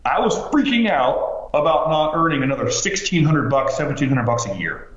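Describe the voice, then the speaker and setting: A man telling his story as a podcast guest, animated, with lots of fillers and restarts. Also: on the high side, fairly quick. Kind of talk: casual storytelling interview. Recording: roomy, slightly dull sound.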